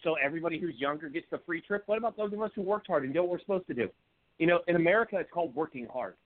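A man's voice: fairly high pitch, animated, racing. Fired-up man on a phone line. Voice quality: voice turning hoarse. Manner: heated, fired-up. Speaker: call-in guest. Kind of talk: political call-in rant. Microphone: phone call.

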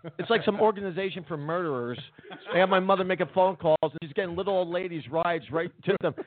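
A man's voice: high-pitched, quick pace. A man hosting a casual comedy chat, joking and teasing his mother. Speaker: host. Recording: phone-like lo-fi sound.

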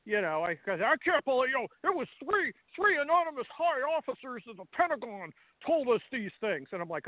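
A man's voice: very high-pitched, big pitch swings, fairly quick, few pauses, no echo. A middle-aged man from California, a guest on a talk radio show, talking in a blunt, combative and sarcastic way. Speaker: guest commentator. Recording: dry, tinny phone line.

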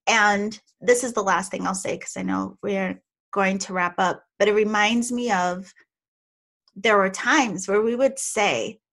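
A woman hosting a podcast, chatting affectionately with a close friend in quick bursts. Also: mid-range voice, steady tone, a bit bright. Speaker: podcast host. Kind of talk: casual chat.

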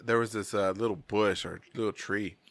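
A man's voice: on the low side, fairly even intonation, normal speed, dry recording. A middle-aged man, co-hosting a podcast and telling rambling, profane stories in casual chat. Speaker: podcast co-host.

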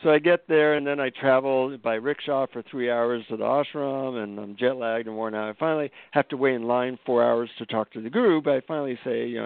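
A man's voice: medium pitch, a little fast, vocal fry, hardly any pauses, clear, resonant tone, dry recording. A man telling a story on a phone line. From Northern California. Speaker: guest author and psychotherapist. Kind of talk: animated storytelling. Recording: dry tinny phone-line sound.

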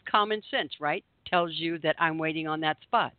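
A woman's voice: deep voice, normal speed, no echo. A woman co-hosting a casual radio talk show, telling a story animatedly and acting out what people said. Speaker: co-host. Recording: phone-like narrow band.

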